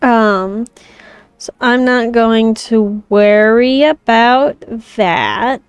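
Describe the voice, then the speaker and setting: A woman's voice: a little high, extremely slow, smooth, no echo, faint music behind. A young woman streamer chatting playfully with her viewers while starting a story game. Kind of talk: casual gameplay chat.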